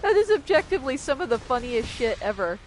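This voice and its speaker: A woman's voice: high-pitched, very animated, quick pace, slight background noise. A young adult woman streaming a game, ranting casually with lots of swearing and sarcasm. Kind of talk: casual livestream commentary.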